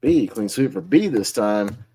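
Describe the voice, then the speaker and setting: A man's voice: on the low side, animated, measured pace, warm tone, husky. A man hosting a casual online group chat, upbeat and laughing often as he runs the votes. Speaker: host.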